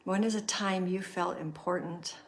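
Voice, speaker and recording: A woman's voice: on the low side, fairly even intonation, normal speed. A middle-aged woman hosting a podcast, earnestly guiding listeners through reflection and telling a personal story. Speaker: podcast host.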